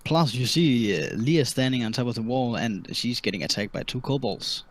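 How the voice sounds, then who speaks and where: A man running a tabletop game as dungeon master, narrating enemy moves in a relaxed, laughing, somewhat halting way. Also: mid-range voice. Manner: relaxed, laughing, often hesitant.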